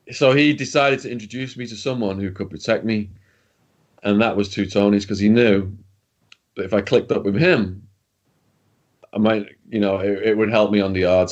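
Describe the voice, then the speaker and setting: A British man with a lowish voice, talking as a guest in an interview. He tells his stories casually and bluntly, dropping slang and swear words as he goes. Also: muffled recording. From Britain.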